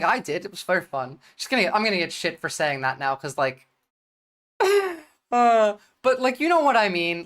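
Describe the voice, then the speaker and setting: A woman with a New Jersey accent streaming and talking bluntly, swearing often and speaking in quick bursts. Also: mid-range voice, fairly bright tone. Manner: blunt, profane, rapid-fire. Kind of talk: livestream commentary.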